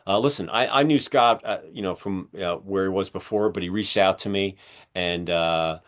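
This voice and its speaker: A man hosting a podcast interview, talking in a rambling, energetic way with many fillers, his voice going hoarse as he keeps clearing his throat. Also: low voice, moderate pace. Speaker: podcast host and magazine publisher. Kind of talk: casual interview chat.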